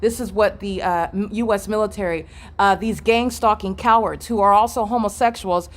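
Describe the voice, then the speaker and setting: A woman's voice: medium pitch, steady tone, normal speed. A woman filming outdoors on a street by parked cars on a handheld phone, giving agitated, accusatory running commentary and repeating phrases insistently. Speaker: vlogger filming in public.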